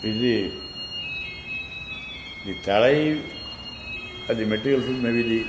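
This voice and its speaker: A man patiently explains a classical poem line by line, reciting verse quickly in a sing-song way. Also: medium pitch, roomy sound, very noisy. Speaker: teacher of classical poetry.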